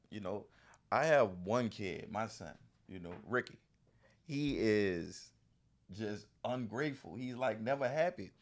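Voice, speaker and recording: Low-voiced New Orleans man. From New Orleans, Louisiana. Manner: reflective, animated when telling stories. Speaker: podcast guest. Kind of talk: casual conversation.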